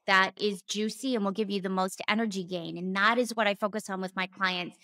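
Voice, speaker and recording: A former therapist hosts a podcast in a medium-pitched, sharp-toned voice, recorded dry with clean studio sound. Her reflective monologue is earnest and emphatic; she repeats words to drive points home and now and then laughs or swears casually.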